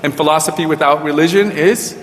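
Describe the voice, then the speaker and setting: Heard over a livestream full of long hall reverb, with a little hiss or hum, a spiritual teacher in Vrindavan speaks to a devotional gathering. His pitch is fairly high and his pace a little fast as he relates stories and quotes his guru with emphatic rises.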